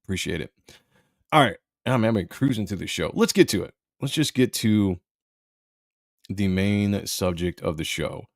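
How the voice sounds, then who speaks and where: A man's voice: lowish voice, animated, unhurried, vocal fry, no room sound, clean studio sound. A man hosting a live stream, giving blunt, sarcastic commentary and reading viewer comments aloud. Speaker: live show host.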